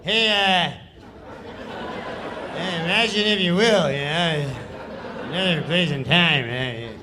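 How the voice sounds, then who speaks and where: A man putting on a laid-back male comedian who mumbles a spooky intro lazily, with halting fillers. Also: on the high side, noisy background. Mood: lazy, offhand.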